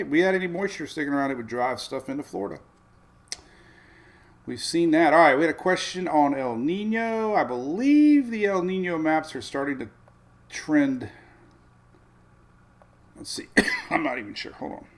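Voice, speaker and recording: A middle-aged man chatting on a casual weather livestream from a home studio. He rambles and thinks aloud, dropping plenty of ums and uhs. His voice sits at an ordinary mid pitch. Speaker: weather show host.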